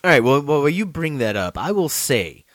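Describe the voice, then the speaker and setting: A man co-hosting a casual film podcast, enthusiastic and halting, full of "like" and "dude". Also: on the high side, big pitch swings, a bit bright, no echo, studio quality. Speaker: podcast co-host.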